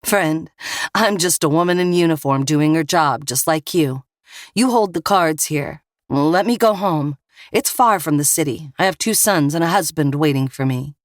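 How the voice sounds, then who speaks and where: A woman's voice: low-pitched, normal speed, no echo, clean studio sound, close to an everyday voice. A woman voicing a tough female police officer who is speaking carefully while held at gunpoint in an audiobook. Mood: pleading. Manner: careful, pleading.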